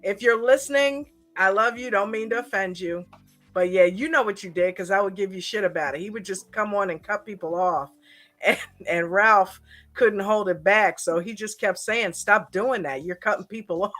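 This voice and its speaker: Casual woman co-host, lively storyteller who laughs a lot, light music underneath. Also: medium pitch, normal speed. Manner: laughs often, animated storytelling. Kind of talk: casual chat. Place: online call.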